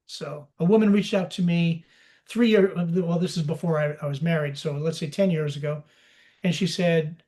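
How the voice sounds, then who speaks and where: A man's voice: on the high side, fairly even intonation, moderate pace, warm tone. A man telling stories as a podcast guest, slipping into the voices of the people he quotes. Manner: storytelling, acting out quoted dialogue. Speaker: podcast guest, sales expert. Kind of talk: casual interview talk.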